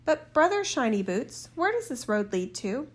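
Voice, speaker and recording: A woman's voice: on the high side, sing-song, normal speed. A woman voicing a bold, cheerful, hungry soldier in a fairy tale reading, speaking heartily. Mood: hearty. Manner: hearty and confident.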